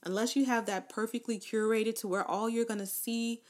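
A woman giving a casual, encouraging motivational talk, leading the listener through spoken affirmations with relaxed slang. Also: on the high side, moderate pace. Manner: informal slang, fillers like "like" and "right?". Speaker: self-help speaker.

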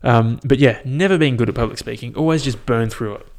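Brisk and a little mellow, this young man's medium-pitched voice carries his solo podcast. His talk is casual and meandering, self-deprecating and heavy on swearing.

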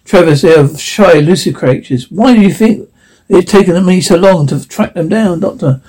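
A man's voice: high-pitched, normal speed, darkish tone, slightly rough. A man voicing an earnest, enthusiastic explorer in a read-aloud story.

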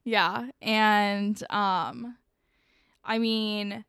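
Chatty woman with a smooth, dry voice. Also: medium pitch, drawn-out words, no echo. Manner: chatty, animated storytelling with frequent fillers. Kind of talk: casual chat.

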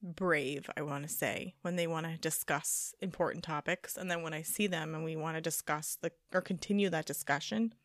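A young woman co-hosting a casual chat podcast, chatty and teasing, quick to react to her friend. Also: low-pitched, fairly even intonation, no echo, clean studio sound. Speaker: podcast co-host.

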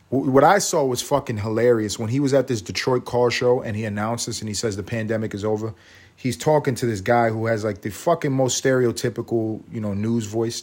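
A man's voice: medium pitch, a little mellow. A man hosting his own podcast, ranting in a profane, sarcastic and rambling way. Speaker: podcast host. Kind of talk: casual rant.

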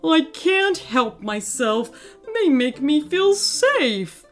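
A woman voicing a sad, whiny old male troll janitor who pleads and wails in slow, drawn-out lines for a storybook reading. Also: high-pitched, very animated, faint music behind, voice pushed up, heavily acted. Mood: sad pleading.

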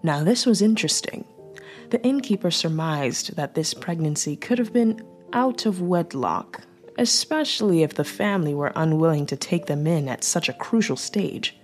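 Low-voiced woman narrating a story. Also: expressive. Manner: measured storytelling. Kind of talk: audiobook narration. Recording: faint music bed.

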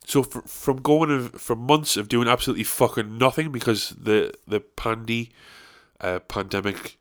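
A man's voice: medium pitch, moderate pace. A young man, tired, chatting on his solo podcast in a rambling, sweary, self-deprecating way. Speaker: podcast host. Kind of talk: casual solo podcast chat.

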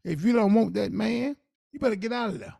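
A man's voice: sits high, brisk, creaky, warm tone, dry recording, clean studio sound. A man co-hosting a podcast, giving earnest, preachy advice in casual talk. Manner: earnest, preachy advice with Southern Black vernacular. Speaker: podcast co-host.

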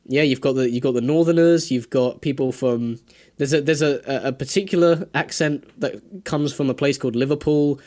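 A young Englishman with an English accent, chatting as a guest in a relaxed interview. He hesitates a lot, restarting sentences and filling gaps with "um" and "uh." His voice sits at a middling pitch for a man. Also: normal speed. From England. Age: young adult. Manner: hesitant, many fillers and restarts, laughs often. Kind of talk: casual interview chat.

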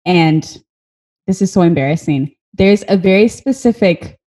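A woman's voice: lowish voice, a little slow, mellow. Kenyan woman, talk host, earnest conversational storyteller. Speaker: podcast host. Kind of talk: casual conversation.

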